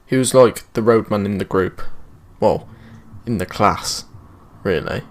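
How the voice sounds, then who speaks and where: A man's voice: lowish voice, measured pace. A man with a British accent casually telling a school story in slangy, swear-filled speech. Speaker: vlogger.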